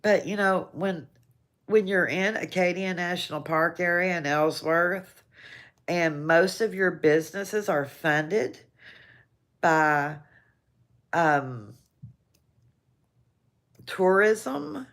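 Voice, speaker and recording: Reading comments during a relaxed live chat, this older woman from the Southern United States rambles and laughs often in her Southern accent. She speaks slowly with long pauses, in a fairly low, fairly bright voice.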